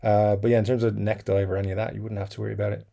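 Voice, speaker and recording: A man's voice: fairly low pitch, level tone, rapid-fire, vocal fry, dark tone. A man hosting a casual livestream, reading viewer comments aloud and rambling between them with lots of fillers and chuckles. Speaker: livestream host reading chat. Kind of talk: casual live-stream chat.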